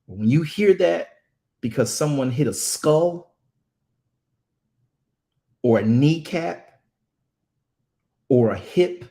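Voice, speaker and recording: A man's voice: on the high side, lively intonation, slow, creaky, long pauses, warm tone. Emphatic man delivering impassioned commentary. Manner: emphatic, repetitive, stammers on restarts. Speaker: ministry speaker.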